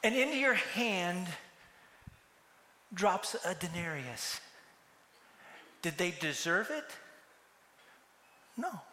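A man's voice: sits high, big pitch swings, very slow, long pauses, sharp tone, a little hiss or hum. Guy preaching, acts out the bits, big echoey hall. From United States. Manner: storytelling, acting out the characters' lines. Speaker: pastor. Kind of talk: sermon. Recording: echoey hall with long reverb.

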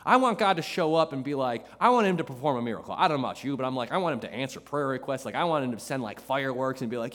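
A man's voice: mid-range voice, expressive, racing, hardly any pauses, a bit bright. A man preaches with emphatic, repetitive phrasing. His voice sits in an ordinary middle register. It rings out with the long reverb of a large hall. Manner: emphatic, repeats phrases for effect. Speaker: pastor. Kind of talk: sermon.

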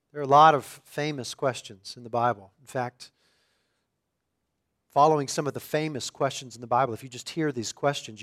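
A man's voice: medium pitch, fairly bright tone, no echo, studio quality. A man preaching a sermon: he reads scripture aloud, then quotes biblical questions in a building sequence. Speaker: pastor.

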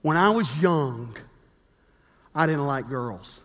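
A pastor in his fifties preaching a sermon with animated storytelling, acting out the quotes he tells. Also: mid-range voice, takes it slowly, long reverb tail.

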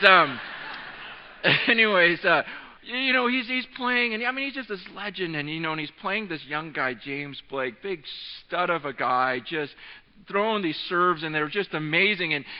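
A man in his thirties preaching a sermon, telling a story with excitement, often repeating and restarting his words. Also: high-pitched. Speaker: pastor. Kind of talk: sermon with an animated storytelling aside. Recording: echoing hall, dull lo-fi sound.

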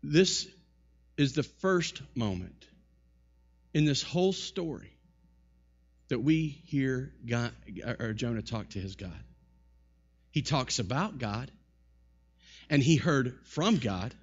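A man preaching a sermon in an animated style, his voice rising and falling sharply. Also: mid-range voice, lo-fi sound. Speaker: pastor.

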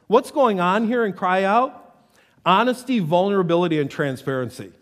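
A high-voiced male pastor whose pitch swings widely as he preaches. His words ring out with a long reverb through a large church sanctuary. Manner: reads scripture aloud with dramatic intensity. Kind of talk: sermon.

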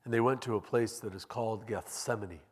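A man preaching a sermon as pastor, speaking in a measured, deliberate way and reading scripture aloud in a church sanctuary. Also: lowish voice, slightly rough. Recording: long reverb in a large hall.

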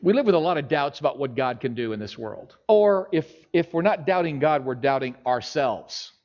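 During a sermon, a middle-aged man speaks at normal speed in a mid-range voice, animatedly telling a story and imitating the people in it. The audio is dull and lo-fi.

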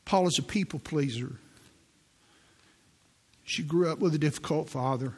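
A man's voice: on the high side, husky. Earnest older male pastor preaching. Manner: storytelling, quiet and earnest, slowing for quoted prayers. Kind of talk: sermon. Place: church sanctuary.

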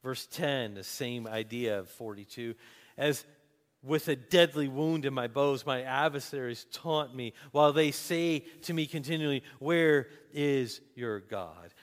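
A man's voice: mid-range voice, normal speed. Earnest preaching man in a reverberant hall. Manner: earnest, emphatic preaching with frequent restarts. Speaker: pastor. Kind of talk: sermon.

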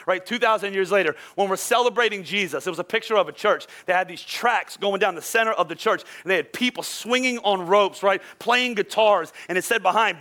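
A man preaching as a pastor, telling a funny personal story in a lively, self-deprecating way before giving sermon points. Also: high voice, a little fast, few pauses. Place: church auditorium.

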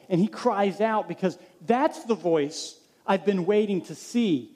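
Man, pastor, sermon, high voice, mellow tone, questions to the congregation. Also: moderate pace, few pauses. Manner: preaching, asks the congregation questions.

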